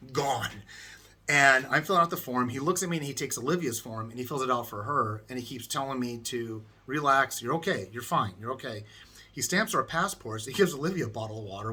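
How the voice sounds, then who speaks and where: A middle-aged American man casually tells a travel story, animatedly acting out the voices of the people in it. His voice is mid-range and slightly rough.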